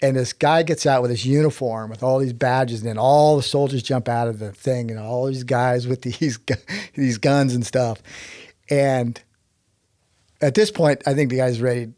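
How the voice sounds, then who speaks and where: A man from Texas, a podcast guest telling a lively story, often laughing and restarting his sentences. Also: mid-range voice, moderate pace, dry recording, clean studio sound. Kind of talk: animated storytelling.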